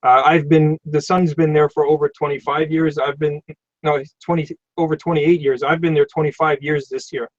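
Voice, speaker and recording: A man's voice: a little high, level tone, dry recording. German-accented man, dry muffled stream sound. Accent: southern German. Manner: unhurried, hesitant, many fillers and restarts. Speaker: mechanic hosting a live stream. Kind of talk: casual live-stream chat.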